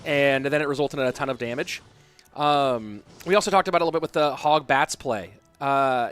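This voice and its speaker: A smooth, fairly high-pitched male voice belongs to an esports caster in his thirties. He reads viewer questions in casual stream chat, loose and conversational, working things out aloud.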